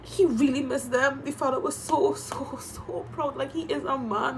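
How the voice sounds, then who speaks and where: A woman reviewing a reality TV episode in casual chat, animated and emotional, repeating phrases and using slang. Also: high voice, moderate pace, few pauses, slight background noise, rough recording. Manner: moved and emotional while talking.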